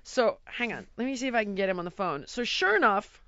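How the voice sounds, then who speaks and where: A woman telling an anecdote in casual chat, animated and acting out quotes, often checking in with "right?". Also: fairly high pitch, brisk, dry recording, lo-fi sound. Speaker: storyteller guest.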